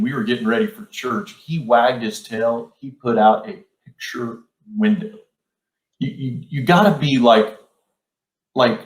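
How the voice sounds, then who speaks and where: A middle-aged man hosting a casual storytelling chat, laid-back and rambling with plenty of fillers. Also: medium pitch. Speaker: podcast host. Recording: roomy echo.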